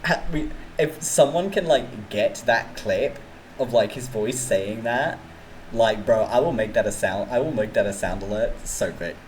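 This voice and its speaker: Low-voiced teasing woman streamer. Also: measured pace, darkish tone, a little hiss or hum, poor audio. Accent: New Zealand. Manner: teasing, giggly, mock-dramatic. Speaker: VTuber streamer. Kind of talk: casual live-stream chat with viewers.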